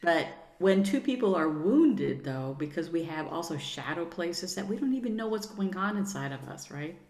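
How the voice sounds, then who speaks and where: A middle-aged woman, a guest on a podcast, talking in an earnest, soothing way and using gentle pet names. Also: lowish voice, expressive, moderate pace. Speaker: podcast guest, sound healer. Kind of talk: casual interview chat. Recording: roomy echo.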